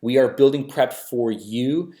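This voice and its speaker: A man walking through a software dashboard in a casual tutorial, talking loosely with many fillers and restarts. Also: mid-range voice, measured pace. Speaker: software company representative giving a tutorial. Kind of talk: screen-share tutorial walkthrough.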